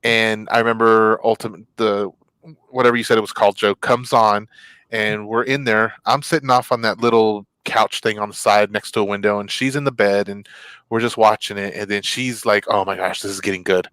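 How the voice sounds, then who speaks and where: Co-host, male, lively storyteller who laughs often; dry and close. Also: lowish voice, moderate pace, smooth, no room sound. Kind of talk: casual chat.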